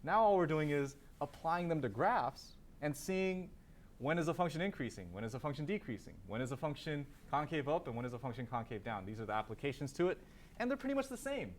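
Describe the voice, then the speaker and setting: Lively man teaching a math class. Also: fairly high pitch, brisk. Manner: asks the class questions and answers them himself; repeats key terms with emphasis. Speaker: calculus teacher. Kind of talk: classroom lecture.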